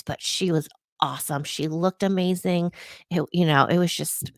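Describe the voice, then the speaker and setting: A woman psychic talks to her viewers in a casual monologue, earnest and fond of repeating words for emphasis. Her voice sits a bit low and moves at an unhurried pace. The sound is dry and close. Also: dry recording. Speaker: psychic and vlogger.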